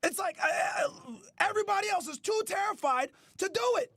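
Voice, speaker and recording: A man hosting a podcast, ranting loudly with profanity, often shouting and mocking others in whiny put-on voices. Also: extremely high pitch, lively intonation, moderate pace, no echo, clean studio sound, soft background music. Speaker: podcast host. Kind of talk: ranting commentary.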